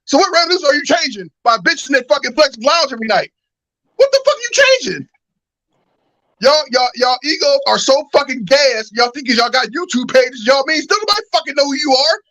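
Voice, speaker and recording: Exasperated, sharp-voiced cursing man. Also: very high-pitched, quick pace, hardly any pauses, dull audio. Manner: profane, exasperated ranting. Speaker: guest on livestream. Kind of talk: heated casual debate. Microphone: video call.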